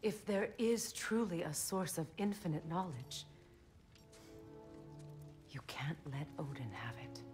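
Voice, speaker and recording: An actress playing a grave woman giving counsel in a video game, speaking slowly and solemnly. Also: low-pitched, expressive, over music.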